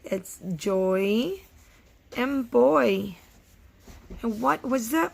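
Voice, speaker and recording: A woman's voice: on the high side, gravelly. A woman teaching a recorded phonics lesson to first graders, patiently sounding out words letter by letter and praising the children.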